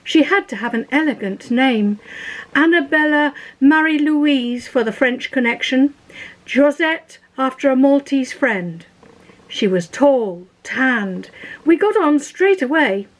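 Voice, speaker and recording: A woman reads her own poem aloud over a video call. Her voice is high, and she takes it very slowly, with a measured, unhurried delivery. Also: expressive, rough recording. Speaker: poet. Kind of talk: poetry reading.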